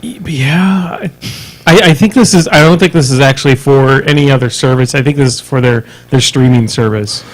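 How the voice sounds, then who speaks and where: Animated man on a podcast. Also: mid-range voice, a little fast, rough recording. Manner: animated, laughs often, stumbles and restarts. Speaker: podcast co-host. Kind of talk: casual chat. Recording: live-streamed podcast.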